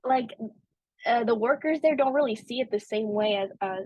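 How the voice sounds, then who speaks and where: Chatty young woman with a higher voice. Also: moderate pace, darkish tone, no room sound, poor audio. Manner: chatty, lots of "like" and "you know". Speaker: podcast host. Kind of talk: casual film discussion.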